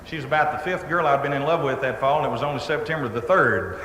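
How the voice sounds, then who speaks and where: A man's voice: medium pitch, quick pace. Folksy Texan man telling a story. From Texas. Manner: folksy, self-deprecating, deadpan punchlines. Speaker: storytelling humorist. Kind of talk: stand-up storytelling before a live audience. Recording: echoey hall recording with faint noise.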